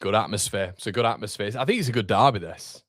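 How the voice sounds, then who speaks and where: A man's voice: lowish voice, quick pace, no echo. Young Yorkshire male streamer, casual banter over live football, dry close mic. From Northern England. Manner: chatty, reads viewer comments aloud, banter. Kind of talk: live match commentary and chat reading.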